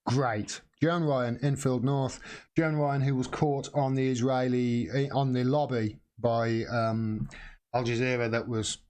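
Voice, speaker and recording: A man's voice: mid-range voice, level tone, unhurried, a little mellow. A middle-aged man hosting a live political commentary stream, rambling with many restarts and blunt swearing.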